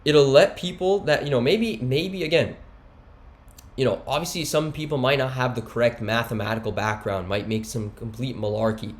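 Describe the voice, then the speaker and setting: A man's voice: medium pitch, moderate pace. A man giving a heated one-take monologue, rambling and slangy with many restarts. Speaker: commentator.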